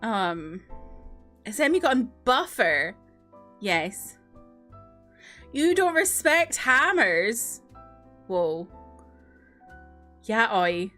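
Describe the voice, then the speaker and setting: A woman's voice: on the high side, sing-song, drawn-out words, long pauses, sharp tone, faint music behind. A woman streamer chatting casually with her viewers, greeting them by name between giggles and filler words. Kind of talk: casual live-stream chat.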